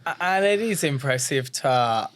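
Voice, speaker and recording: A man's voice: medium pitch, lively intonation, unhurried, a bit bright. Man, podcast host, hesitant questions, short prompts. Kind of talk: casual interview.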